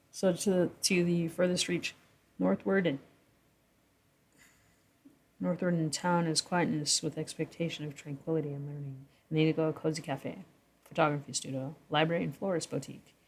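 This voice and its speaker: A woman talking through a story she wrote in casual vlog commentary, rambling, correcting herself and chuckling between thoughts. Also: low voice. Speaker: writer explaining her own story. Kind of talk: casual vlog commentary reading from her draft.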